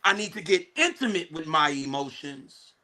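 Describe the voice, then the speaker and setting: A man preaches to a class in a high, bright voice. His pitch swings widely as he repeats words, restarts phrases and talks right at his listeners. At times he lifts into a near shout. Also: animated, normal speed. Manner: addresses listeners directly, rising to shouts. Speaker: guest speaker, licensed therapist. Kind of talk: energetic spiritual teaching to a class.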